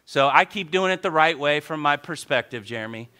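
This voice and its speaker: A middle-aged man preaching to a congregation with lively storytelling. His voice sits a little high and rings bright and forceful. He slips into playing out his own inner complaints as he teaches. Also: a little fast, clear, resonant tone. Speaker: pastor. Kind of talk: sermon.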